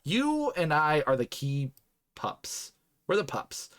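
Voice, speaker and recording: This man speaks slowly in a fairly high, slightly bright voice, with huge swings in pitch. He's hosting a podcast stream and goofing around through a jokey, rambling sign-off, chatting casually the way streamers do live.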